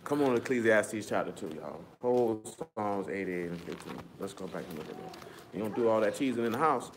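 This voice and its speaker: A man's voice: lowish voice, lively intonation, a little fast, slight background noise. A man teaching a Bible study to a small group, coaxing listeners to read before turning emphatic and preachy. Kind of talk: scripture lesson to a small group.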